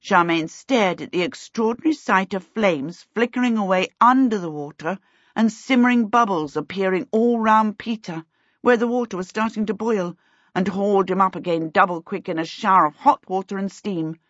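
A woman reading a storybook aloud in a measured, expressive narration. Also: medium pitch, no echo, muffled recording. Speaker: audiobook narrator.

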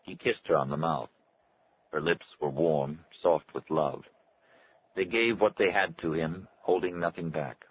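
Deep-voiced man reading a story. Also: a little slow, dull audio, slight background noise. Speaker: audiobook narrator. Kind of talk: scripted narration.

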